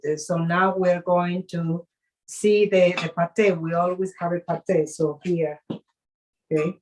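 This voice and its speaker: A woman chef leading a live cooking demonstration, speaking haltingly with fillers and restarts, an English speaker. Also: lowish voice, darkish tone, low-quality recording.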